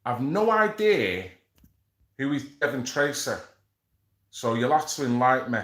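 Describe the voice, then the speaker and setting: A man's voice: medium pitch, very animated, a little slow, fairly bright tone. A man who hosts a live stream, chatting casually and rambling with slang asides as he reads from an article. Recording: echoey room.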